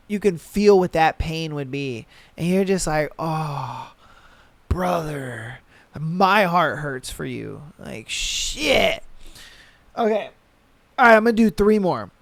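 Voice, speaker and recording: A man hosting a podcast, reading listener stories and reacting with blunt, profane, animated comments. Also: sits high, clean tone, no room sound. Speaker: podcast host. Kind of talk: casual reaction to read-out stories.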